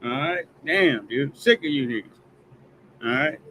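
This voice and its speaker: Casting note: male stream host, bright forceful tone, pitched a bit high, keeps punching lines with "all right?". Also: lively intonation, takes it slowly, a little hiss or hum, poor audio. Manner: emphatic, repetitive "all right?" tags, heated and profane. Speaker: host of a news commentary stream. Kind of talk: casual commentary rant.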